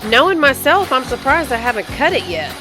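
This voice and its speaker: A woman's voice: sits high, sing-song, brisk, music in the background. A middle-aged woman, talking casually to camera while out of breath from yard work outdoors. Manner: chatty, folksy, addresses viewers as y'all. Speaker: gardening vlogger.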